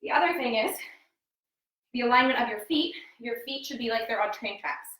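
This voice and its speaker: An upbeat woman fitness coach talks through her exercises at home, calling out form cues while she works out. She sounds a bit winded and sits somewhat away from the mic. Her voice is a touch high and rings in a very echoey room. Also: fairly quick, fairly bright tone, distant mic. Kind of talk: live workout instruction.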